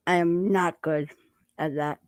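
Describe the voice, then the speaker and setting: A woman's voice: on the low side, fairly even intonation, a little slow, dry recording. A woman hosting a casual chat, talking while eating and laughing often. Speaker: channel host.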